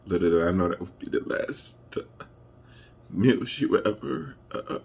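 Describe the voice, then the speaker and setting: Very deep gravelly man, halting and emotional. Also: lively intonation, a little mellow. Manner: halting, searching for words. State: emotional, holding back tears. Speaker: vlogger. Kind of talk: personal storytelling to camera.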